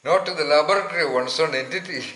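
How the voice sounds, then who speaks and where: A man giving an informal spiritual talk to listeners, emphatic and rambling, often pausing to search aloud for words. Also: a little high, pushed and bright, echoey room, poor audio.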